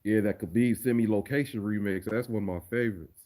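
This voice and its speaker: A man's voice: fairly low pitch, a little fast, darkish tone. A man answering viewer questions on a casual livestream, laid-back and profane, often repeating words as he thinks. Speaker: livestreamer and remix producer.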